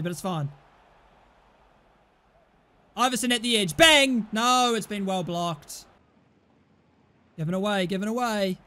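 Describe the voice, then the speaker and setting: A young man with a British accent commentates his own football video game as he plays. He talks in a fairly high voice, gets loud and excitable, and swears and yells at his teammates. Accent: British English. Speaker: gaming YouTuber. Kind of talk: live gameplay commentary.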